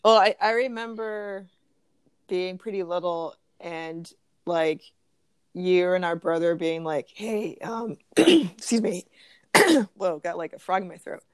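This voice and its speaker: Young woman from Los Angeles, lowish voice, rambling storytelling, dry close sound. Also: unhurried, clear, resonant tone, no room sound. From greater Los Angeles area. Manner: chatty storytelling, many fillers and restarts. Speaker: podcast co-host. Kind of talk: casual chat.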